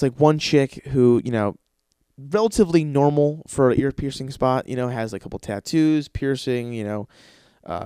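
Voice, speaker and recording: A man's voice: clean tone, no echo, clean studio sound. Profane, rambling male podcast host. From lives in Los Angeles. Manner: profane, rambling, animated, mimics others in high voices. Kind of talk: casual storytelling monologue.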